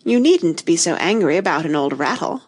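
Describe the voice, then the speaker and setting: A woman's voice: medium pitch, very animated, moderate pace, husky. A woman reading an audiobook, voicing a polite, earnest young girl. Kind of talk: audiobook character voice.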